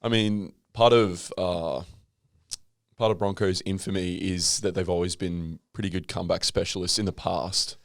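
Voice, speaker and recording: A hungover Australian man with a fairly low voice, joking and ribbing his co-host on a podcast. His voice sounds dry and close, recorded in a studio. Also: steady tone, moderate pace, no echo. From Brisbane, Australia. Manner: joking, laughing banter. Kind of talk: casual banter.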